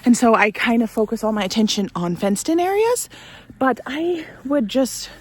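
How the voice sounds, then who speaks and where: A woman's voice: a little high, animated, moderate pace, darkish tone. A woman in her thirties vlogging casually from her snowy homestead, rambling and self-deprecating, with a cold. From Central Oregon. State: has a cold, out of breath from trudging through snow. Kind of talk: casual vlog narration. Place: outdoors on a snowy homestead and greenhouse.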